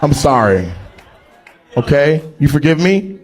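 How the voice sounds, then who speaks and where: A middle-aged stand-up comedian works the crowd from a live stage, loud, profane and teasing as he ribs audience members. His voice sits a touch high for a man, very animated though a little slow, heard through a handheld stage mic in the venue.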